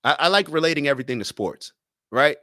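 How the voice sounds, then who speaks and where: A young man hosts a casual livestream, reading out viewer comments and arguing back with sports comparisons. His voice sits a bit high for a man. The sound is dry and close, with no room echo. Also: animated, fast, bright, forceful tone. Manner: conversational, reads viewer comments aloud; argumentative, uses sports comparisons. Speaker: livestream host.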